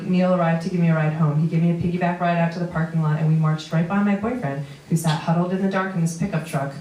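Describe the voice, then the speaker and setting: A woman with a New York accent reading a personal prose piece aloud to a live audience, steady, with dry asides. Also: deep voice, distant mic, slight background noise. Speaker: comedian reading a memoir piece. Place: small theater stage before an audience. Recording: roomy live venue recording from afar.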